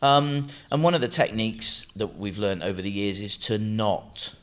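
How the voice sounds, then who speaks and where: Low-pitched man, co-host, earnest and hesitant, casual podcast chat. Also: lively intonation, fairly bright tone, clean tone. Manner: earnest, halting, open about feelings.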